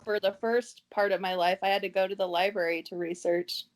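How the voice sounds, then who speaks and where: A woman's voice: mid-range voice, fairly even intonation, brisk, slight background noise. A woman in her thirties hosting a casual interview, chatty, laughing often and restarting her sentences. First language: English. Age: 30s.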